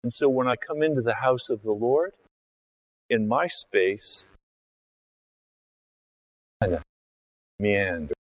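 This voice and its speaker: A male pastor speaks a little slowly in a mid-range voice, recorded at low quality. Keeping things conversational, he acts out scenes with his voice and body while preaching.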